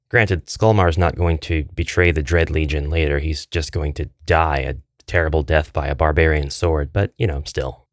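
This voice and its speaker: A man's voice: a bass voice, dry recording, studio quality. A middle-aged man chatting casually through a board game quest, joking with dad jokes as he goes. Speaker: board game channel host.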